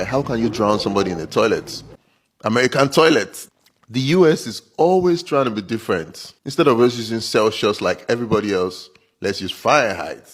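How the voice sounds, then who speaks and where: A man's voice: on the low side, slightly rough. A man complaining sarcastically in a casual vlog rant.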